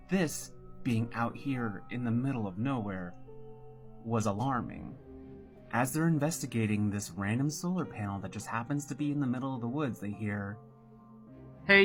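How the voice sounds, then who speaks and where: A man's voice: mid-range voice, darkish tone. Man, casual horror storyteller, chatty, dramatic, slang asides, faint background music.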